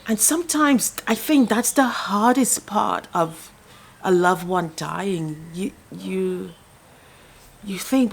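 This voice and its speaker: Soft-spoken woman, halting and emotional. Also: mid-range voice, animated, vocal fry, breathy edge. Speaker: quilting vlogger. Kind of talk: personal vlog talk to camera.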